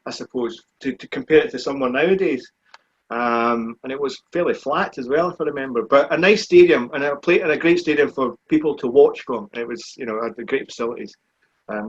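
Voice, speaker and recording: A man in his forties with a Scottish accent, a speedway rider answering questions in a relaxed, plain-spoken way during a live online chat. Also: mid-range voice, slightly rough. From Scotland. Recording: dull, muffled lo-fi stream audio.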